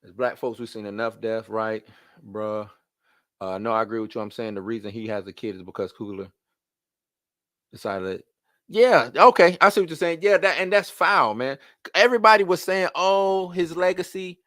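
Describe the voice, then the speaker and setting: A man hosting a live stream, ranting in loose, slangy casual talk that repeats itself and swings between loud and soft. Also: mid-range voice, lively intonation, moderate pace, no echo, studio quality.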